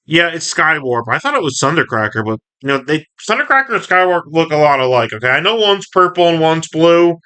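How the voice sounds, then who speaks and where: Chatty man reviewing a comic, bright. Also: on the high side, sing-song, a little fast, hardly any pauses, clear, resonant tone. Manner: chatty, rambling, self-correcting. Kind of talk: casual comic reading and commentary.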